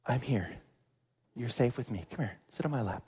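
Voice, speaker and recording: A man doing a hushed, soothing grandma. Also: mid-range voice, lively intonation, moderate pace, husky. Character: gentle, comforting grandmother. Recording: long church reverb.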